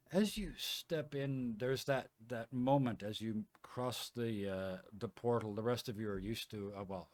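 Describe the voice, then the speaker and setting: A man running a tabletop game as game master, rambling through scene-setting with fillers and easy laughs. His pitch sits mid-range and the sound is dry and close, with no room around it. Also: a little mellow, no echo. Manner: chatty, laughs often, lots of fillers.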